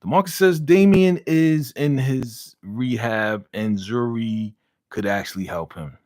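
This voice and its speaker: A man's voice: mid-range voice, measured pace, darkish tone, no echo, studio quality. A man hosting a casual live stream, reading viewer comments aloud and ranting heatedly with laughs in between. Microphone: studio podcast mic.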